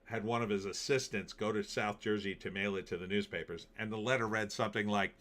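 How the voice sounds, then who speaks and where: A man's voice: lowish voice, brisk, few pauses, bright, forceful tone. A male host doing casual commentary in a sarcastic, rambling way. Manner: sarcastic, rambling, with frequent fillers. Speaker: show host. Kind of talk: casual political and movie commentary.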